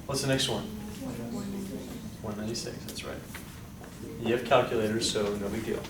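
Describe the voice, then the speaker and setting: A statistics lecturer with a lowish voice speaks at a moderate pace in a steady tone. He teaches his class in an upbeat way, quizzing students and coaxing answers from them. The recording comes from an echoey room with a distant mic and background noise.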